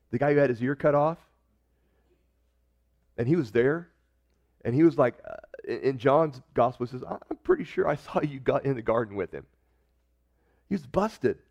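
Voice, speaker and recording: A man preaching a sermon in a conversational way, acting out the quoted lines with sudden shifts in loudness and tone. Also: on the high side, dull audio. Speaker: pastor.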